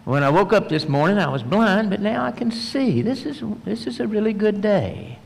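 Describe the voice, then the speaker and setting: A man's voice: high voice, expressive, moderate pace, gravelly, voice pushed up, exaggerated voice. A man voicing a blind beggar in a retold story, pleading earnestly and then speaking in awed wonder. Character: grateful blind beggar man, newly healed. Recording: long reverb, large hall.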